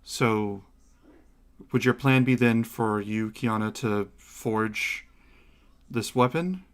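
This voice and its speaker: A man voicing a poised, formal female leader in a tabletop game, speaking softly and slowly. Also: lowish voice, clear, resonant tone. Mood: measured.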